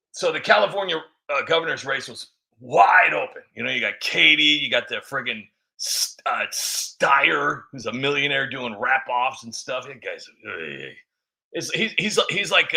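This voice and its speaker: A man's voice: medium pitch, gravelly, pushed and bright. A man giving a rambling, mocking political commentary with many fillers. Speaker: vlogger.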